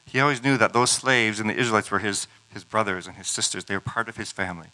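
A man's voice: on the low side, fast, pushed and bright, low-quality recording. A man preaching a sermon, retelling scripture stories in a conversational way with casual asides.

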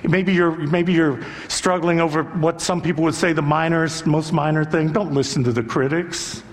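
An older male pastor delivers a sermon in an earnest, conversational way, leaning on repetition for emphasis. His voice sits high for a man. It rings out with a long reverb, as in a big hall. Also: fairly even intonation, moderate pace.

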